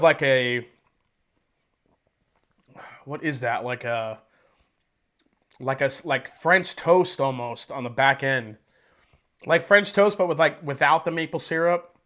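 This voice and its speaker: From home, a man hosts a casual whiskey tasting livestream on a wireless mic with a battery pack. He talks in a loose, chatty, rambling way, laughing easily and swearing now and then, in a fairly high-pitched voice that's a bit bright.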